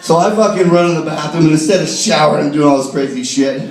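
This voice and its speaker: A man doing a live stand-up routine on a bar stage, profane and animated, shouting his punchlines. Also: on the high side, quick pace. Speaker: stand-up comedian. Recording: echoey bar, distant mic, loud crowd laughter.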